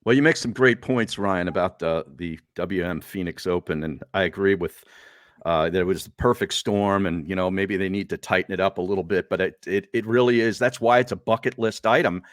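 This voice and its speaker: A man on a casual golf podcast, measured and agreeable, telling a story he saw firsthand. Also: low-pitched, no room sound, clean studio sound.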